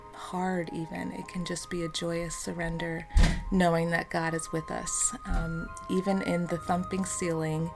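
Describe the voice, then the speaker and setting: A woman in her thirties hosting an unscripted devotional podcast, talking in an earnest, encouraging way with soft fillers. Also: on the low side, gravelly. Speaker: podcast host.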